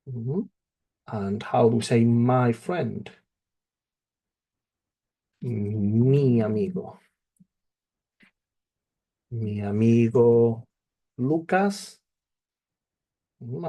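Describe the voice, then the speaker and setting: A man teaching a Spanish lesson, slow and patient, repeating each phrase. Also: medium pitch, warm tone. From not from England. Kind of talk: slow spoken language lesson.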